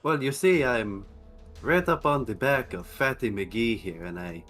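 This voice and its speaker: A man's voice: mid-range voice, lively intonation, unhurried, a bit bright, faint music behind. A man playing a tabletop role-playing game, speaking in character with a menacing, hot-tempered, swearing manner. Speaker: player.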